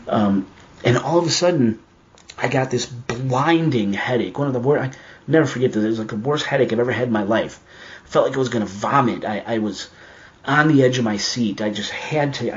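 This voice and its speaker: Animated man recounting a story. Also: medium pitch, muffled recording. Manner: animated, acts out his own reactions in quotes. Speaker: podcast guest telling a personal story. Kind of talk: casual storytelling.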